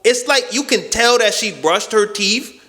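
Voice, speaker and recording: A man telling a profane, animated story in a casual storytime monologue, punctuating it with "right?" and "boom.". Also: a little slow. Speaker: storyteller vlogger. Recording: echoey room with long reverb.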